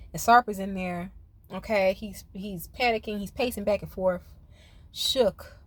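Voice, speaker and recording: A woman giving a casual, profane recap of a reality show, laughing often and talking straight to her viewers. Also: mid-range voice. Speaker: reality TV commentator.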